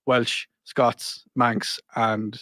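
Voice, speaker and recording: A man's voice: mid-range voice, flat delivery, extremely slow, bright, forceful tone, dry recording. A man with an Irish accent, co-hosting a casual podcast and telling stories, acting out the voices of people in them. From Ireland. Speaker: podcast co-host. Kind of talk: casual banter, storytelling.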